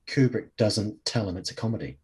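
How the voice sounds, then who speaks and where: A man's voice: fairly low pitch, lively intonation, a little fast, a little mellow, husky. A man chatting casually about old films as a podcast host, talking in a hesitant way with frequent restarts. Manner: conversational, hesitant restarts, trailing thoughts. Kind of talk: casual film discussion.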